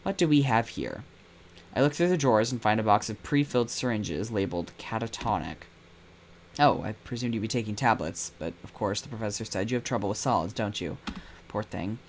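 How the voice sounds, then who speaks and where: Man reading as a soft-spoken British assistant, coaxing and earnest. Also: fairly low pitch, a little fast, a little hiss or hum, natural voice. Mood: gentle. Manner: gentle, coaxing. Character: earnest young male vet assistant.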